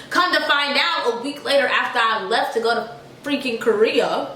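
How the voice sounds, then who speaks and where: A young woman from Georgia, USA, an army soldier, tells her viewers a chatty storytime in a casual vlog, calling them y'all. Her voice is a little high, animated, fast and sharp-toned. She sits far from the mic in an echoey room with faint background noise.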